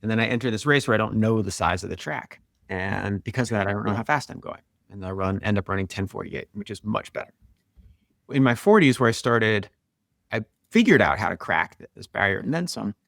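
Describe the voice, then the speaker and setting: A middle-aged man, a guest author and marathoner, telling stories in a quick, animated, conversational way, full of "like" and "right?". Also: fairly low pitch, gravelly, dry recording, clean studio sound. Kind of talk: conversational storytelling.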